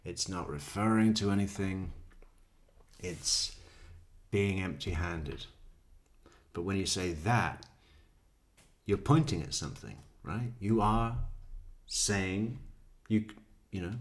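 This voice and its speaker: A man's voice: sits low, takes it slowly, pauses often. A man giving sardonic true crime commentary, laughing often at what he plays. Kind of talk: casual commentary.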